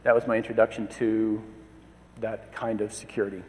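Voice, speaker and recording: Speaking briskly in a lowish, slightly mellow voice with little pitch movement, a conference speaker in his fifties shares anecdotes laced with wry asides. The large conference hall gives the audio a long reverb.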